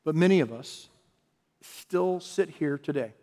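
A man's voice: fairly high pitch, expressive, measured pace, mellow. A male pastor preaching a sermon in a conversational style that builds into emphatic, repeated phrases. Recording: long reverb from a large hall.

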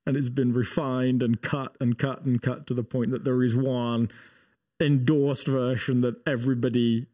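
A man's voice: mid-range voice, level tone, normal speed, warm tone. A man co-hosting a casual faith discussion, telling stories with lots of restarts and fillers. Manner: storytelling, many restarts and fillers.

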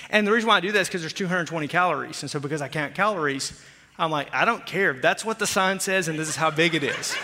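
A man in his forties from Oklahoma, a pastor preaching a sermon with jokey, animated storytelling. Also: a little high. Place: church sanctuary. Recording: long hall reverb.

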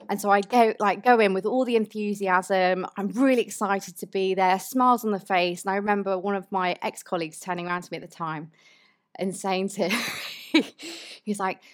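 Lively storytelling woman. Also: medium pitch. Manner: lively storyteller who acts out quotes. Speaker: guest, motorsport journalist. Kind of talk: casual podcast chat.

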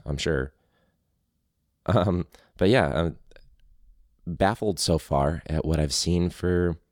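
A man's voice: sits low, darkish tone, dry recording, studio quality. A man, a teacher hosting a podcast, rambling casually and laughing at his own ideas. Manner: rambling, laughing, self-interrupting. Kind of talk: casual solo podcast chat.

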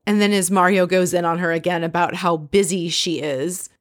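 A woman hosting a casual recap, telling the story in a chatty, animated way with frequent asides. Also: lowish voice, normal speed. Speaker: podcast host recapping a reality show.

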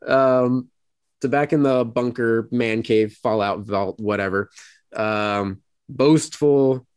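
A man co-hosting a podcast, recapping an episode in a rambling casual way and acting out quoted lines in high voices. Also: takes it slowly, smooth, dry recording, studio quality. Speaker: podcast co-host.

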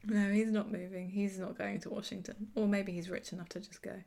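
A woman co-hosting a podcast, chatting casually and reacting with quick laughs. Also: mid-range voice, flat delivery, gravelly, darkish tone. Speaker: podcast co-host. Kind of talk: casual TV recap chat.

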